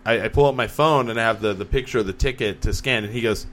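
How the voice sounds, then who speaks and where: Animated man telling stories. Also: fairly low pitch, fast talker, a little hiss or hum. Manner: animated storyteller, acts out quotes. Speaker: podcast host. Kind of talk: casual chat.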